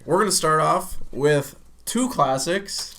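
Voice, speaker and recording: A man's voice: fairly high pitch, expressive, slow, over loud music. Upbeat young man with announcer segues. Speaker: co-host. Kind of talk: casual comedic chat.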